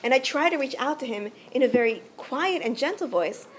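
A woman voicing God as a male deity, gently reasoning aloud with himself about how to speak. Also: high voice, expressive, a little fast, noisy background. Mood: musing.

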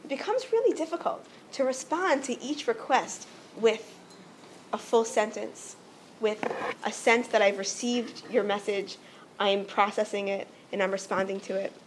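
A woman's voice: medium pitch, a little slow, a little hiss or hum. A woman teaching a religious text, earnest and explanatory, often checking in with "right?".

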